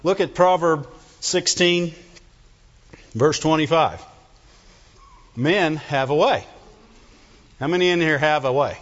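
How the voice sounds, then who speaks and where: A middle-aged male pastor preaching a sermon, animated and joking, often asking the congregation for amens. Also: a little high, slow pace, long pauses. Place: church. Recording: dull sound with long hall reverb.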